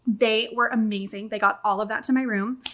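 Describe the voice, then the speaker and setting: A young adult woman telling a long story in casual chat, animated and swearing, acting out quotes. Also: fairly high pitch, a little fast.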